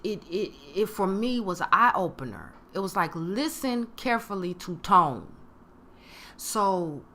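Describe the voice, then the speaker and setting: A woman in her late forties speaks straight to her listeners, telling a story from her own life. Her voice is bright and very lively, swinging up and down as she acts out the quoted lines of others. She talks in a loose, conversational way, full of restarts and little "okay?" checks. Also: slight background noise. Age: 40s. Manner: animated, acts out quoted voices with big pitch jumps. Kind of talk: personal storytelling talk.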